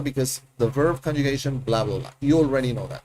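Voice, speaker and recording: A man's voice: medium pitch, a little fast, a little mellow, a little hiss or hum. A man, teaching a casual lesson and explaining things in a chatty way, often repeating himself and asking rhetorical questions. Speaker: Spanish teacher.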